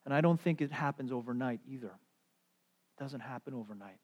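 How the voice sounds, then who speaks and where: A middle-aged man preaching a sermon as a pastor, telling stories in an animated way and putting on playful voices. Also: mid-range voice, moderate pace. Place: church sanctuary. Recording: long hall reverb.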